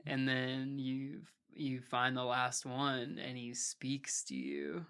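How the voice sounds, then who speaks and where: Gravelly, bright-voiced young-sounding man. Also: medium pitch, flat delivery, takes it slowly. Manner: rambling, fills almost every phrase with "like". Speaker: podcast guest, hardcore vocalist. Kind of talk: casual conversation.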